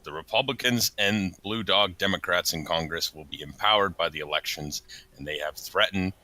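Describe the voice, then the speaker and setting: A man's voice: deep voice, moderate pace, sharp tone, no echo, low-quality recording. A man voicing a stern, pompous male head of state with a mock-serious, lecturing delivery.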